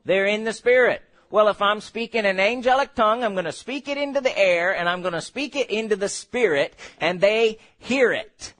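A man preaching a sermon in a lively, conversational way, asking the congregation questions and laughing between points. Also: high voice, normal speed, hardly any pauses.

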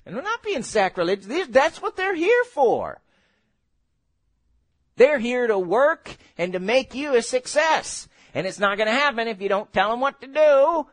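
A man preaching a sermon in a lively, conversational way, asking the congregation questions and laughing between points. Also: very high voice, normal speed.

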